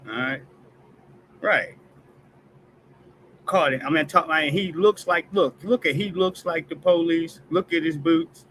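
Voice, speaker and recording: A man hosts his own news commentary stream, delivering a profane, emphatic rant and capping almost every line with "all right?". His voice sits slightly high and comes across bright and forceful, with in his speech. A faint hiss of background noise runs under the audio. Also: unhurried, long pauses, poor audio.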